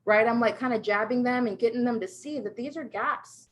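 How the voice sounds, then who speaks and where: An American woman works as a sales trainer, coaching salespeople over a video call. She's emphatic and keeps asking "right?", her voice a little high and her pace a little fast.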